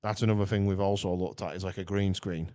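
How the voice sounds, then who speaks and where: A man talking loosely on a podcast, his voice low and warm. He rambles and jumps between thoughts, with plenty of energy. The sound is dry and close to the mic. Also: fast, dry recording, highs cut off. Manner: rambling, animated, chatty. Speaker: podcast co-host. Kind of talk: casual chat.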